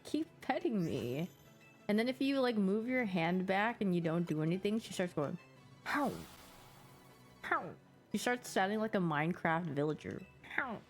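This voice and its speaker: On her stream, a young woman chats casually in a bubbly way and giggles easily. Her voice sits at a medium pitch, and she puts on playful little voices for her pets. Faint, soft music runs beneath her.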